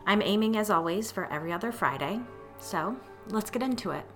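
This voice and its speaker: A woman hosting a fiction podcast, reading a scripted story aloud and giving its characters lively voices. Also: mid-range voice, fairly quick, soft background music.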